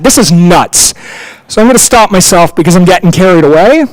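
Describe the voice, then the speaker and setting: A man's voice: high voice, animated, brisk, low-quality recording. A man speaking as a town councillor at a council meeting, angry and impassioned, his voice raised.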